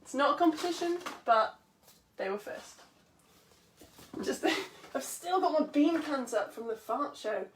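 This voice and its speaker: A woman's voice: high-pitched, animated, measured pace, pauses often, slight background noise. A young woman teaching science in a live online lesson for children, chatty and bubbly, greeting viewers by name.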